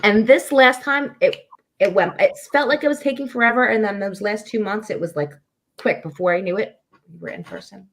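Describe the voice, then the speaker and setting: A woman from New Jersey co-hosting a casual livestream chat, animated and acting out what others said. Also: medium pitch, fairly quick. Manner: animated, acts out quotes. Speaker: co-host.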